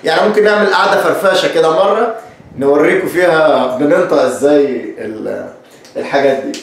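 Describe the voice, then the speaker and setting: A man with an Egyptian accent hosting a bilingual English lesson. He talks in an animated way and switches between Arabic and English. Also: a little high, very fast, vocal fry. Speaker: English teacher and host. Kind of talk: bilingual lesson with live chat. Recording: echoey room, distant mic.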